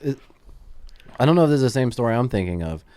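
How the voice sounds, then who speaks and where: A man's voice: medium pitch, big pitch swings, fast talker, darkish tone. A man hosting a casual podcast, reacting with exclamations and laughter. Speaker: podcast host. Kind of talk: casual chat.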